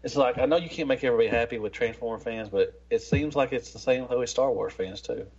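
Man, casual podcast host, rambling and profane, husky, slightly muffled sound. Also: medium pitch, fast talker, darkish tone. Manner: rambling, loose, swears freely. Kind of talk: casual chat.

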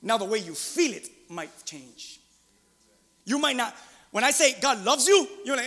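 Middle-aged man, pastor, sermon; high, bright voice, animated, loud bursts and hushed asides, echoing church hall. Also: measured pace. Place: church sanctuary.

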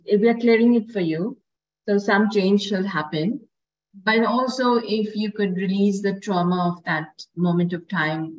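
A woman healer leading a session in a calm, gently instructive way. Her voice is muffled and a little lo-fi. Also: mid-range voice. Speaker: guest healer. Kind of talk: guided healing session.

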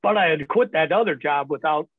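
A man's voice: on the high side, brisk, dry recording. A man from the northern United States, a podcast guest telling rambling stories in casual talk, often chuckling and swearing. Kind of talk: casual storytelling. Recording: tinny phone-like dry line.

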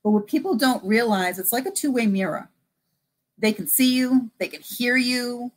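A middle-aged woman, a psychic medium, chatting in an interview and acting out both sides of remembered conversations with lively energy. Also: on the high side, moderate pace. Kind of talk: casual interview storytelling.

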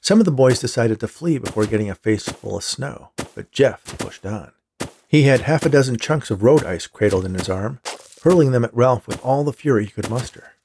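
A man reading a story aloud with a steady storytelling delivery. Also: mid-range voice, slight background noise. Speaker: story reader. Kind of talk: audiobook narration.

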